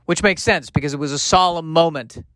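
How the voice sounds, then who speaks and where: A man's voice: on the high side, fairly quick, fairly bright tone, dry recording, clean studio sound. A man hosting a solo comedy podcast, rambling through tangents with lots of fillers. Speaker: podcast host.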